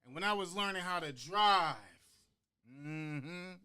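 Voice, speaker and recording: A man performing a heartfelt spoken-word monologue about growing up, with rhythmic pauses that land hard on key words and quoted voices acted out along the way. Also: sits high, sharp tone, clean tone. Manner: acts out quoted voices within the story. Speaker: podcast guest performing a monologue.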